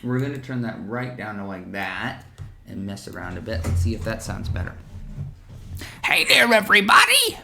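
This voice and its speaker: A man hosting a casual animation software tutorial at a desk mic, chatty and self-deprecating. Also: on the low side, fairly quick, vocal fry, soft background music. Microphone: desk microphone. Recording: roomy echo in home room.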